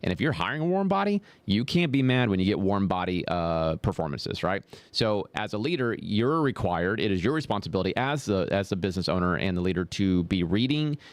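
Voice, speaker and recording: A man's voice: deep voice, big pitch swings, brisk, few pauses, no room sound. A male pastor and podcast host teaching on leadership in a direct, emphatic way, repeating key points to the listener. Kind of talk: motivational teaching talk.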